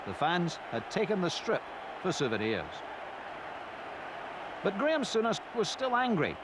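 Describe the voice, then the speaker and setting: A man giving measured, expressive scripted narration for a sports documentary. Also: high voice, noisy background.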